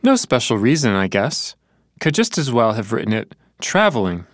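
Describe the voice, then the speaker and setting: A man acting as the learner in a scripted lesson dialogue, answering in a relaxed way with hesitations. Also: medium pitch, normal speed, no room sound, clean studio sound. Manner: relaxed, thinks aloud with hesitations.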